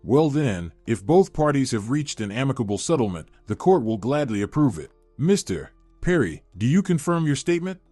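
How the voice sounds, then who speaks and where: A man voicing a stern, composed woman judge who speaks in a firm, measured way. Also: mid-range voice, big pitch swings, mellow, dry recording, faint music behind. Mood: formal.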